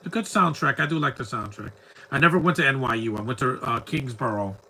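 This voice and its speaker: This film commentator has a mid-range, pushed, bright voice and a brisk delivery, captured in a rough recording. He rambles live over a movie, bluntly answering the screen and frequently stumbling on repeated words.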